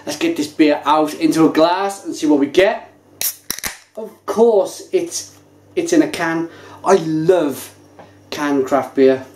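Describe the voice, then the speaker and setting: Excitable man reviewing beer. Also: fairly high pitch, slow pace, long pauses, a little hiss or hum. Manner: enthusiastic, animated, exclamatory. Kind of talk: casual beer review to camera. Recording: echoey room.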